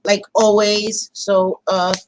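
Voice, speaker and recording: A woman's voice: medium pitch, flat delivery, takes it slowly, dry recording, poor audio. Chatty, swearing woman livestream host. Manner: chatty, swears casually, greets viewers by name. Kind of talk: casual livestream chat.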